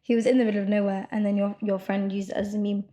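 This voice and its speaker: A young woman co-hosting a podcast, talking loudly and quickly in a rambling casual chat full of fillers. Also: mid-range voice, level tone. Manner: loud, fast rambling with many fillers. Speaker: podcast co-host.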